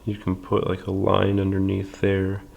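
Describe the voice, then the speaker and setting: A man teaching a library drawing lesson step by step, calm and patient, with many fillers and soft half-whispers while he draws. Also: low voice, moderate pace, gravelly, slightly rough.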